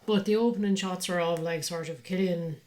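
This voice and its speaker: A woman co-hosting a casual film podcast, talking in a relaxed, conversational way with some teasing. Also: on the low side, fairly quick. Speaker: podcast co-host.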